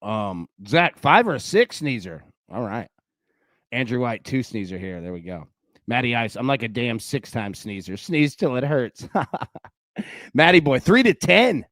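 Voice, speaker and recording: A young man talks through a live sports-betting show with a pitch that bounces up and down. His delivery is chatty and animated, full of "dude" and "man". The sound is close and dry with no room around it. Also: a little slow, no room sound. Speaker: host.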